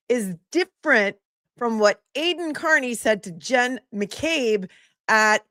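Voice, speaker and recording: A woman's voice: mid-range voice, fairly bright tone, no echo, clean studio sound. A woman with a Boston accent hosting commentary on a court hearing, sarcastic and full of rhetorical questions. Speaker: host.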